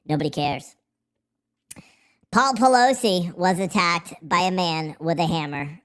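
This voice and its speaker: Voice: medium pitch, measured pace, pauses often, fairly bright tone. A livestream host chatting casually in a silly put-on voice, rambling, swearing and goofing around. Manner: profane, rambling, goofy.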